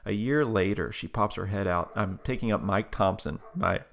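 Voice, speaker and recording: Low, gravelly man telling his faith story. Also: normal speed. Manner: earnest, conversational, with frequent "like" fillers. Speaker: interview guest. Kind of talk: personal faith story and spoken prayer.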